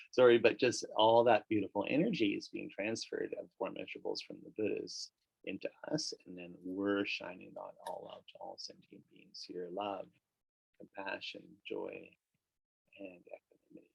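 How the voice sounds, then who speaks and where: A man with a deep, gravelly voice guides a meditation class. He talks in a relaxed, conversational way with casual fillers. The sound is close and dry. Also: moderate pace, dry recording, poor audio. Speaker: meditation teacher.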